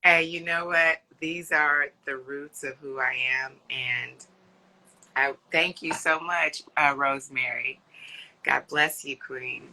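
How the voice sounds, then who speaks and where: A cheerful woman guest with a very bright, sharp tone, giggling between her ums. She talks easily about her work. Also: sits low, steady tone, takes it slowly, low-quality recording. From United States. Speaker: guest actress and director. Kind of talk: live online interview.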